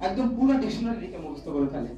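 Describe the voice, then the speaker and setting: High-voiced Bangladeshi man speaking in an echoey hall. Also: very animated, very fast, warm tone, muffled recording. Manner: emphatic, repeats key phrases. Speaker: guest speaker addressing students. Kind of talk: motivational speech. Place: large echoey university hall. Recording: echoey hall, distant mic, faint background noise.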